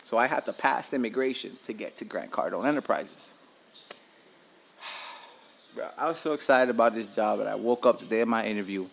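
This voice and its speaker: A man hosts his own podcast from home, spinning personal stories in a loose, animated way with lots of swearing. His mid-range voice has a gravelly, creaky edge. Faint background hum sits under his talk. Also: mid-range voice, normal speed, long pauses. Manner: animated, profane, laughs at himself. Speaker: podcast host. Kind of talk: casual storytelling podcast.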